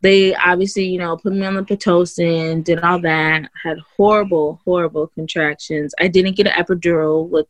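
A woman guest on an interview show tells her own birth story in casual chat, her voice on the low side with no echo. She's chatty, leaning heavily on "like" and "you know," restarting often, and she raises her voice to act out what other people said.

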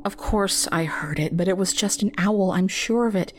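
A woman narrator speaking the lines of a gentle, patient father who calms his frightened daughter in a horror story. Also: mid-range voice, moderate pace, a little hiss or hum, natural voice. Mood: soothing. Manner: soft and reassuring.

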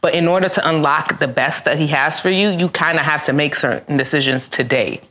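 Low-voiced woman giving earnest faith talk. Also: fairly quick, fairly bright tone. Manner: earnest, preacherly, builds emphasis. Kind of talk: faith-based motivational talk.

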